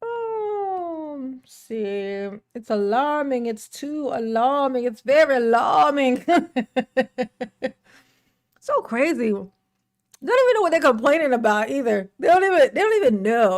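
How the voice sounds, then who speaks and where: A woman's voice: high voice, measured pace. A woman hosting a casual livestream. She greets viewers by name, laughs often and rants animatedly. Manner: animated ranting. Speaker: livestream host.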